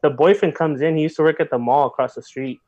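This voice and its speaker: A man talks at a brisk, fast clip in casual podcast chat, his voice a little higher than average. He is animated and slangy, packing his speech with fillers. The recording is dull and lo-fi in a dry room. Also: dry recording. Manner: animated, heavy slang, many filler likes. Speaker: podcast guest.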